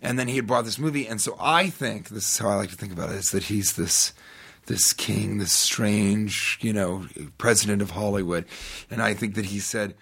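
A man's voice: lowish voice, normal speed, gravelly, fairly bright tone, slightly rough. A man who is a guest on a talk show, telling a casual, rambling story with frequent restarts and asides.

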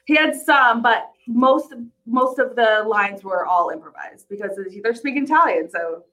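A woman's voice: a little high, moderate pace, bright, forceful tone, rough recording. A woman co-hosting a podcast in a casual chat, laughing often and trailing off mid-sentence. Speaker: podcast co-host.

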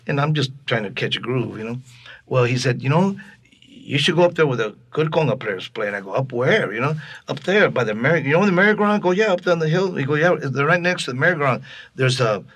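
A guest musician from Texas, interviewed about his stories, plays out the voices of the people he describes with real animation. His medium-pitched voice is husky and quick.

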